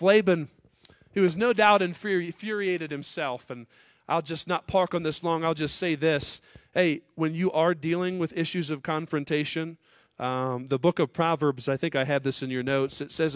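A male pastor preaching with a fairly high voice, rising to loud emphatic peaks and dropping to quiet asides. The sound is dry and close. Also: no echo. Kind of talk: sermon.

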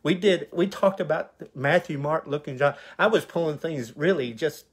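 A man's voice: fairly high pitch, normal speed, breathy edge. A male pastor telling his personal testimony, an emotional, vivid retelling full of quoted dialogue.

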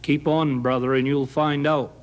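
A man's voice: fairly high pitch, level tone, moderate pace, close to an everyday voice. A man voicing a surly, bossy old sea serpent.

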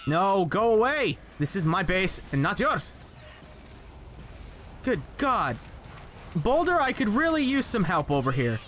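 Excitable young male gamer. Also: sits high, a little slow, long pauses, slight background noise. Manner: exclaiming, swearing, joking to himself. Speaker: gameplay commentator. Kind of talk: casual let's play commentary.

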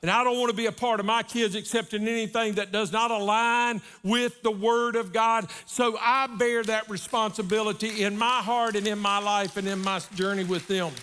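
High-voiced man preaching a sermon. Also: steady tone, moderate pace, few pauses, sharp tone, clean tone, soft background music. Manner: folksy storytelling, frequent rhetorical "right?". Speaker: guest preacher. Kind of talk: sermon with personal stories. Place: church service.

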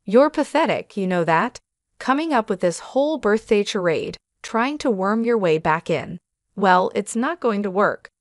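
A cold, growling grown son who sneers at his own mother, as a woman narrator puts him on, in a storybook reading. The voice stays close to the reader's own, middling in pitch and dry, with no room sound. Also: animated, unhurried, no echo, close to an everyday voice. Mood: contemptuous. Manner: growling, scornful.

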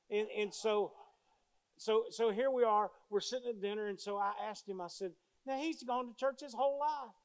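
High-voiced preaching pastor. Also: male voice. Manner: emphatic, repeats phrases, storytelling. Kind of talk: sermon.

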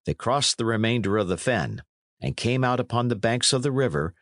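A man narrating an audiobook of a classic novel in a measured, expressive storytelling manner. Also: mid-range voice. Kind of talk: scripted narration.

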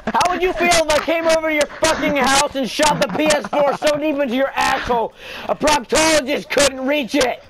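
A man cursing and yelling loudly in casual chat while playing a video game with a friend. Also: extremely high pitch, fairly quick, hardly any pauses, very noisy. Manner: loud, profane, yelling outbursts. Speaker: gamer playing online with a friend. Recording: loud game sound behind the voice.

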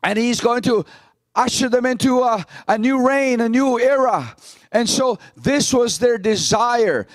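A man's voice: very high-pitched, animated, unhurried, no echo, rough recording. A man, a pastor, preaching a sermon in an emphatic style, quoting scripture.

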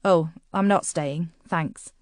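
A woman's voice: fairly low pitch, slow, no echo, clean studio sound. A woman voicing a guilty ex-girlfriend who talks in a defensive, wheedling, sheepish way.

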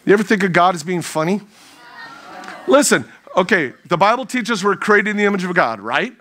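A man giving a humorous youth sermon to a live audience, playful and animated as he jokes with the crowd. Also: high-pitched, a little fast, a little hiss or hum. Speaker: youth speaker.

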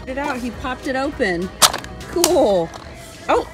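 A mother hosting a casual shopping vlog who gushes excitedly and coaxes her small child with questions inside a large store. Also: sits high, a little slow, over loud music. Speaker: mother and channel host.

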